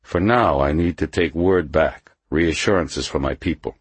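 A composed FBI agent, measured and quietly casual, voiced by a male audiobook narrator. The voice is very deep and husky, unhurried. Recorded dry and close. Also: dry recording, heavily acted.

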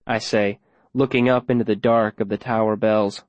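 A man's voice: on the low side, fairly even intonation, moderate pace, dry recording. A man narrating an audiobook in the first person, with plain, tense storytelling.

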